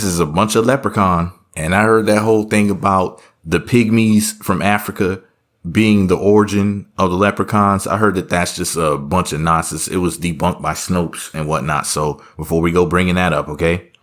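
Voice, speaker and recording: A man's voice: low-pitched, steady tone, moderate pace. A man giving casual reaction commentary, rambling and sarcastic, full of offhand asides.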